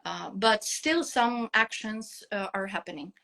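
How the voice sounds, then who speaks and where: A woman's voice: mid-range voice, unhurried, creaky, pushed and bright. A Ukrainian-accented woman, speaking English as a second language, guesting on a live video interview. She talks hesitantly and emotionally, with many fillers and restarts. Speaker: guest teacher. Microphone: phone on a live video call.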